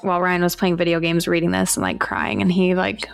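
A woman's voice: fairly low pitch, very animated, brisk, vocal fry, smooth, no echo. A woman co-hosting a podcast, retelling a novel's plot in a chatty, filler-heavy way. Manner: chatty recap full of fillers. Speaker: podcast co-host. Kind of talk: casual book-club chat.

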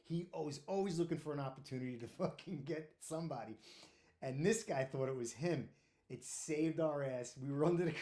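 A middle-aged man, a retired firefighter, telling stories casually, animated, laughing often and swearing freely. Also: on the high side, normal speed. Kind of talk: casual storytelling to camera.

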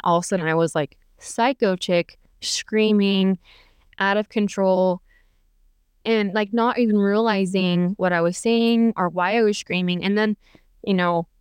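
A woman's voice: medium pitch, clean tone, no echo, studio quality. A young adult woman telling her own story as a podcast guest, chatty and candid, full of fillers and restarts. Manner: chatty, many fillers and restarts, laughs between thoughts.

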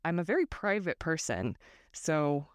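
A woman from Northern California talks alone into a close microphone for her podcast, her voice sitting low and even. She muses thoughtfully, wanders off on tangents and teases herself along the way. The recording is dry, with no room sound around her. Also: measured pace, clear, resonant tone, no echo. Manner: thoughtful, self-deprecating, digressive. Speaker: podcast host. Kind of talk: reflective solo podcast monologue.

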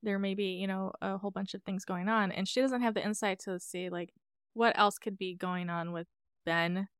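A woman's voice: medium pitch, fairly even intonation, moderate pace, clean tone, no room sound, studio quality. Wry reflective woman on a podcast. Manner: reflective, analytical, wry, with frequent laughs. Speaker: podcast co-host. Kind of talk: casual chat analyzing a TV episode.

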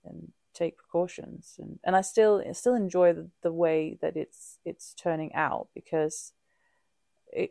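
A woman with a low, very gravelly voice speaks openly and reflectively in a casual podcast chat, dark and mellow in tone. She often stops and restarts her sentences, and the sound is dry and close. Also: dry recording. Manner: halting, frequent restarts and fillers; open and reflective. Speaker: podcast co-host.

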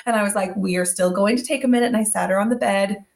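A woman in her thirties co-hosting a casual parenting podcast, her voice carrying a gravelly edge. She tells family stories in an easy, chatty way and slips in little quoted asides. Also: medium pitch, quick pace. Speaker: podcast co-host. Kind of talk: casual chat.

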